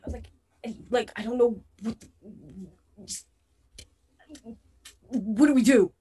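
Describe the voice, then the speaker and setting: A woman playing a tabletop horror game, talking in an animated way, swearing and laughing with the group. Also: a little high, takes it slowly, long pauses, husky. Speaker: player.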